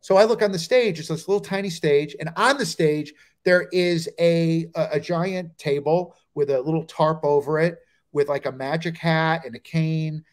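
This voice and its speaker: His voice sits on the high side and moves at a normal speed. A middle-aged stand-up from New Jersey, he appears on a comedy talk show recounting road stories, animatedly acting out each character's quoted lines.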